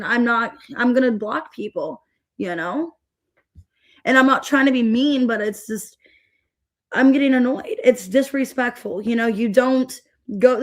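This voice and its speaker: A young adult woman hosting a tarot livestream, upset and fed up, venting to her viewers with many restarts. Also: fairly high pitch. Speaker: tarot reader livestream host.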